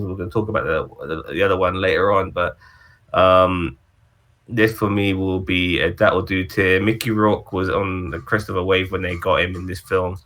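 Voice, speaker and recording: A man's voice: sits low, a bit bright. A man co-hosting a casual movie-ranking chat, rambling with ums and restarts. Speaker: podcast co-host.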